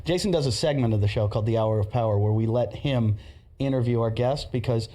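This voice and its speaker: Podcast host guy, rambly storyteller, warm low-key voice. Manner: rambling anecdotes with quick laughs. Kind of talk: casual chat, storytelling.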